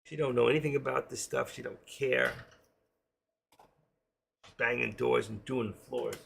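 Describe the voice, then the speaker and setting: Older man, New York accent, raspy gravelly voice, chatty live-stream host. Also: mid-range voice, steady tone, a little slow, a bit bright. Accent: New York, with a trace of Florida. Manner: chatty, jokey, talks to viewers while trading. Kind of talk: casual live-stream commentary. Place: home.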